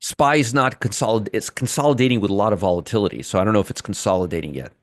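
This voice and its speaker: A man's voice: on the low side, rapid-fire, dry recording, studio quality. A man hosting a live trading room, commenting on the market with heavy sarcasm, restarting and trailing off as he works his screens. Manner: sarcastic, talks to viewers and chat.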